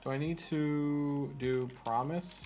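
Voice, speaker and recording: A male streamer codes on stream and half-mumbles his way through it, telling his code to stop freaking out. When viewers come up he turns chatty and jokes at his own expense. Soft music plays faintly behind him. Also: a little high, fairly even intonation, takes it slowly. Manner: mutters to himself, scolds his code; self-mocking, laughs with viewers. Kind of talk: casual chat while programming.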